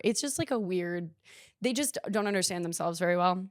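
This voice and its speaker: A woman's voice: on the low side, lively intonation, a little fast, no echo, clean studio sound. A young woman hosting a podcast, telling a rambling, self-deprecating story in casual chat, full of "like". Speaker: podcast host.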